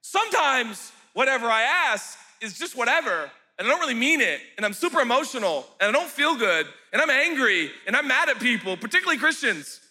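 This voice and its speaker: Animated, joking pastor in an echoey hall. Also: male voice, a little fast, few pauses. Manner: animated and jokey, breaking into high shouted outbursts. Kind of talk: sermon. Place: church hall. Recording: echoey hall with faint music.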